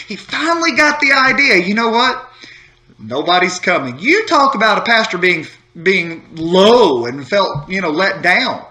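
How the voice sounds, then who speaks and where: A man preaching a brief devotional sermon to the camera, phone in hand. His voice sits high and has a sharp, ringing brightness. He tells his story in a folksy, repetitive way that builds as it goes. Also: big pitch swings, a little slow. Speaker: pastor. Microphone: holding a phone while speaking to camera.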